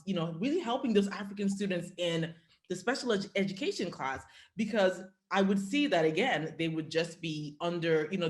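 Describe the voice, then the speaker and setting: A woman from Nigeria, hosting a podcast interview in a relaxed, conversational way with frequent fillers. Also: lowish voice. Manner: conversational, many "you know" fillers. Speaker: podcast host.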